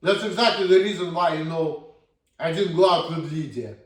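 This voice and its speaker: A man's voice: on the high side, moderate pace. A man in his thirties with a Russian accent, ranting bluntly and swearing a lot in a casual monologue. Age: 30s. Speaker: vlogger. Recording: echoey room, from far off.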